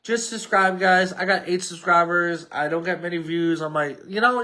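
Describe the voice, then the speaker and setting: A man's voice: high voice, moderate pace, bright, forceful tone. A man with a New York accent hosting a casual solo sports podcast, rambling and mumbling at times. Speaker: podcast host.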